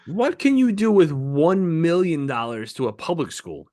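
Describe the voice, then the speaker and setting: A man's voice: fairly high pitch, very animated, normal speed, mellow, no echo, clean studio sound. A man co-hosting a podcast, ranting heatedly and swearing a lot in casual chat. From United States. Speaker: podcast co-host.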